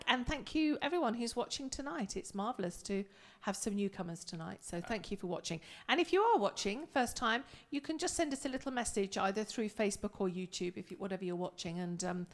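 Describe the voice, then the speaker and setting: A woman co-hosting a live chat show, welcoming viewers and teasing her partner. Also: mid-range voice. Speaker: co-host.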